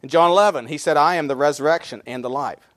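A man with a high-pitched voice preaching a sermon, reading scripture aloud and then explaining it in everyday words. His delivery is loose, with fillers and restarted phrases between verse references. The sound is dry and close, with almost no room echo. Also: fast talker, fairly bright tone. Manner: reads scripture in old English then explains it in plain talk. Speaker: pastor.

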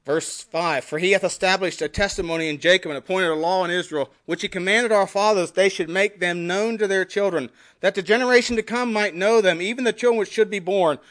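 High-voiced man preaching a sermon. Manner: preaching with scripture readings in King James wording; swings between emphatic rises and quiet drops. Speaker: pastor.

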